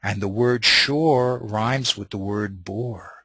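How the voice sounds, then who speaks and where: A man's voice: on the low side, takes it slowly, pushed and bright, breathy edge, dry recording. A man teaching a Talmud class in an informal lecture style, thinking aloud with many restarts and Hebrew and Yiddish terms.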